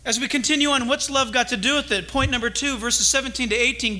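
A man's voice: extremely high pitch, fairly even intonation, fast, sharp tone. A man preaching a sermon as a pastor, emphatic and full of storytelling.

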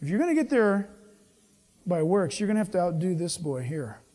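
A man's voice: high-pitched, big pitch swings, brisk, a little mellow. A man preaching a sermon in a conversational, jokey way, acting out dialogue as he teaches.

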